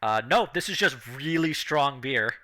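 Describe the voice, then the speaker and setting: A man's voice: medium pitch, lively intonation, moderate pace, bright, forceful tone. A man narrating a tabletop role-playing game as game master, laid back and full of fillers and chuckles.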